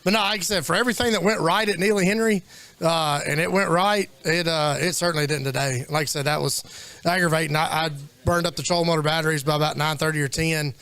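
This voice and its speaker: A man's voice: a little high, fairly even intonation, quick pace, fairly bright tone, clean tone. A man being interviewed after a fishing tournament, sounding rueful as he explains a bad day. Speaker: tournament angler.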